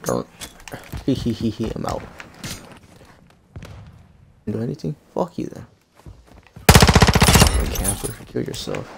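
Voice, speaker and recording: Playing a shooter game, a young male streamer delivers profane commentary, swearing constantly and trash-talking the other side. His mid-range voice is creaky, a little slow, pauses often and swings hugely in pitch, all under heavy background noise and loud gunfire.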